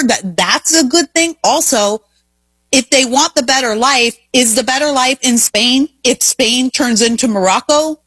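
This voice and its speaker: A woman's voice: high-pitched, moderate pace, a bit bright, breathy edge, no room sound. A woman hosting a talk show, delivering an emphatic, opinionated monologue full of rhetorical questions. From Indiana, US.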